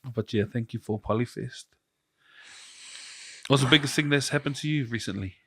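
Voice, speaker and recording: A man with a New Zealand accent, co-hosting a casual podcast chat, relaxed and storytelling, laughing often. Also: medium pitch, normal speed, slightly rough. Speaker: podcast co-host.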